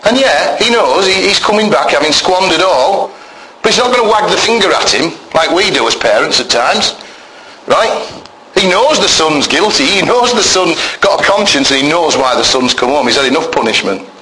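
In an animated sermon at normal speed, a man preaches with a fairly high, bright, forceful voice, speaking emphatically and conversationally while repeatedly posing questions to the congregation. The audio sounds roomy and echoey, carrying faint church ambience plus a little hiss or hum.

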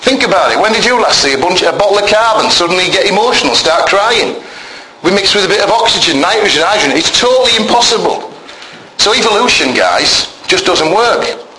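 A male preacher gives a sermon with a fairly high, bright and forceful voice. He talks in an emphatic, conversational way and keeps asking the congregation questions. The recording is roomy and echoey, with faint church ambience. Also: expressive, a little fast, a little hiss or hum.

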